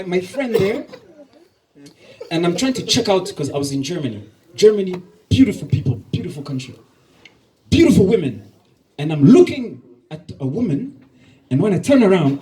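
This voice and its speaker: A man performs stand-up at a live bar comedy night, acting out the people in his stories. His voice sits a little high and swings widely in pitch. Faint noise from the bar hangs in the background. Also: rough recording. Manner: animated storytelling with acted-out dialogue.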